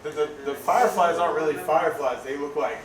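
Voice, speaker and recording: A man narrating a tabletop game as game master, storytelling with lots of fillers and sudden shouts. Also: fairly high pitch, fast talker, a loud crowd. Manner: animated storytelling with many fillers, bursts into shouts. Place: home room. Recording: echoey room, far from mic, noisy.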